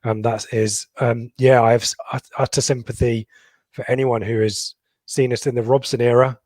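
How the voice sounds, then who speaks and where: A middle-aged man co-hosting a football podcast, reading out viewers' comments in a halting, casual way with many pauses and ums. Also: mid-range voice, little pitch movement, a little mellow, no room sound. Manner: halting, lots of ums and restarts. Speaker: podcast co-host.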